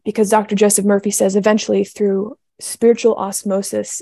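A woman's voice: mid-range voice, level tone, brisk, vocal fry, hardly any pauses, dark tone, no room sound. A young adult woman giving a casual spiritual talk, heartfelt and rambling, with many fillers and restarts.

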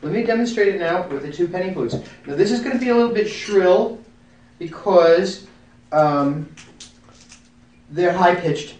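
A man's voice: high voice, unhurried, pauses often, noisy background. A man with a genial, joking manner, explaining and demonstrating a sound effect on flutes to a group. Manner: genial, self-deprecating humor. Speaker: musician giving a demonstration. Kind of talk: informal group talk with demonstration. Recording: roomy, from a distance.

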